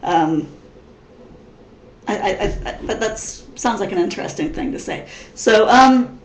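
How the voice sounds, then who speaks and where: A woman's voice: medium pitch, animated, a little slow, a little hiss or hum. Chatty woman with a blended American-English accent. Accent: American mixed with English. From Missouri, United States. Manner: chatty, rambling, frequent restarts. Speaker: vlogger. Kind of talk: casual Q&A vlog. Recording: roomy echo.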